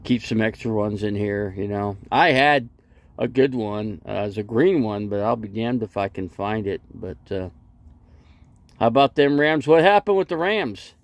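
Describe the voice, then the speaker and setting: A man's voice: lowish voice, normal speed, no echo. Rambling middle-aged man live-streaming. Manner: rambling, repeats and restarts, talkative. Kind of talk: casual live-stream chat. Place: inside a parked vehicle. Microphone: phone.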